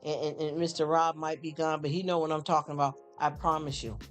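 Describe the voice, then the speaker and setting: A man's voice: fairly high pitch, level tone, brisk, a bit bright. A man on a casual live stream who talks straight to his viewers, rambling, heartfelt, often stammering and repeating himself. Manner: talks straight to chatters, calls them honey and y'all. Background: faint background music.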